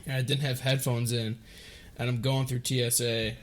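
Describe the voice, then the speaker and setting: A man's voice: mid-range voice, level tone, moderate pace. Swearing young guy telling stories. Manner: loose storytelling, heavy swearing. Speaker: podcast co-host. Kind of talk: casual chat.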